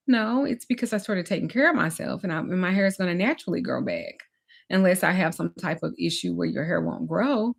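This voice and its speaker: A woman's voice: fairly low pitch, lively intonation, brisk, gravelly. A woman, a spiritual teacher and life coach, telling a personal story in a candid, emphatic, conversational way.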